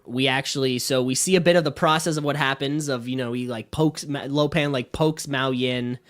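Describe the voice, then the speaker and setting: A man's voice: mid-range voice, steady tone, brisk, fairly bright tone. A young man co-hosting a casual podcast, recapping a movie with lots of fillers and laughter. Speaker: podcast co-host. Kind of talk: casual chat.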